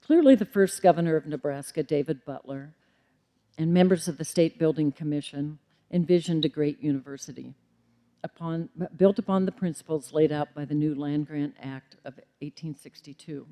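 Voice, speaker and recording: Measured middle-aged woman lecturing. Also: sits low, dark tone. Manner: measured, with occasional ums and self-corrections. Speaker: librarian giving a public lecture. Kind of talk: formal lecture.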